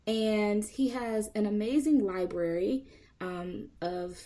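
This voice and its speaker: A woman's voice: medium pitch, takes it slowly, warm tone. A woman hosting a podcast interview, upbeat and enthusiastic, laughing often. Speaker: podcast host. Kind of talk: casual interview chat.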